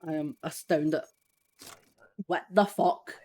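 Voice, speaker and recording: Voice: mid-range voice, steady tone, takes it slowly, darkish tone. A streamer, chatting casually while playing, swearing freely and laughing often. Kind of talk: casual gaming chat.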